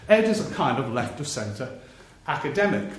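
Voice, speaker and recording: A very animated man with a medium-pitched voice, a political journalist, tells anecdotes at a moderate pace in a live stage talk. He imitates politicians' voices to get laughs from the audience. The live theatre recording is very echoey, with faint noise.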